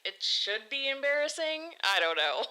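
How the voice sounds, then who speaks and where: Bubbly, lively woman streamer. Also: sits high, normal speed, poor audio. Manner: bubbly, giggly, self-deprecating. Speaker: livestream host. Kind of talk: casual livestream chat reading viewer write-ins. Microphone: desk microphone.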